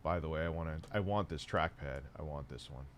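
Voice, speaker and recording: A man's voice: extremely low pitch, a little fast, a little hiss or hum. A middle-aged man live streaming, rambling casually and swearing while he reads chat and shops online.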